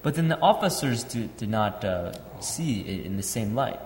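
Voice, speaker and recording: A man's voice: lowish voice, sing-song, moderate pace, darkish tone. A man interpreting a sermon phrase by phrase, with fillers and restarts as he translates on the spot. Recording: echoey hall with faint ambience.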